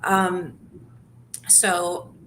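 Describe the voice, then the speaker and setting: A woman guest on a live show, telling her personal story haltingly and searching for words. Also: fairly low pitch, little pitch movement, a bit bright, slight background noise, poor audio. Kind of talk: personal testimony.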